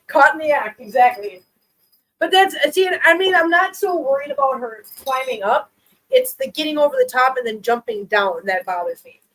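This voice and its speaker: A woman with a high voice hosts a relaxed live stream and talks loosely with her viewers. She laughs often and switches into cooing baby talk for her cats. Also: poor audio. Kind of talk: casual live-stream chat with viewers and pets.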